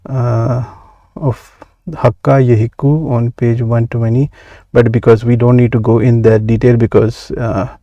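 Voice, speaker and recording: Slow-paced man teaching Arabic grammar. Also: medium pitch, flat delivery, warm tone, no room sound, dull audio. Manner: measured, many "uh" pauses, slow deliberate explanation. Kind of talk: explaining grammar from a workbook.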